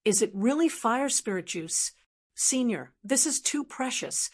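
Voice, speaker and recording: A woman voicing a young male cultivator who stammers and pleads in a raised pitch. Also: lively intonation, unhurried. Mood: pleading.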